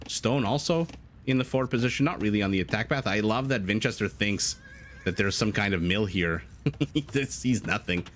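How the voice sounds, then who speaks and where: A man's voice: on the low side, moderate pace, slight background noise. A man casting a live strategy game match, chatty and prone to rambling tangents with frequent laughs. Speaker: game caster. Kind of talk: live esports commentary.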